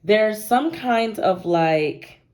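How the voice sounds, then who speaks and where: A woman's voice: medium pitch, expressive, drawn-out words, darkish tone. A woman giving a casual tarot reading, talking playfully and straight to her viewers. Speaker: tarot card reader.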